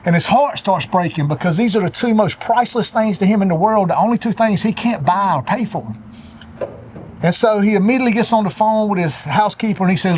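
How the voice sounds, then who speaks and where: A man's voice: sits high, fairly quick. A middle-aged man telling an earnest, preacher-like parable as a motivational talk. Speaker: show regular giving a motivational talk.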